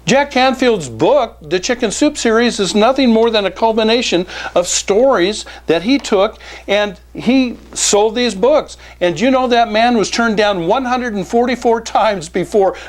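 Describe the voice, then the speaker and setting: A man who is a business coach and author, giving a direct-to-camera sales pitch in a folksy manner, calling his listeners "folks" and hammering points with repetition. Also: unhurried, few pauses. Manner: folksy, keeps addressing "folks", emphatic repetition.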